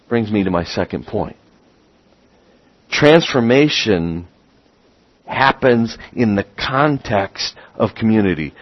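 A man preaching a sermon as a pastor, getting excited and repeating words as he builds up. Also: fairly low pitch, no room sound, muffled recording.

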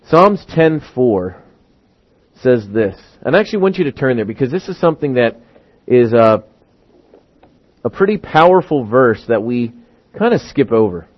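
A man preaching a sermon through a Bible passage, acting out quotes and slowing down on key words. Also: mid-range voice. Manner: animated, acts out quotes, stretches key words slowly. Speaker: pastor. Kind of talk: expository sermon. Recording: dull lo-fi sound.

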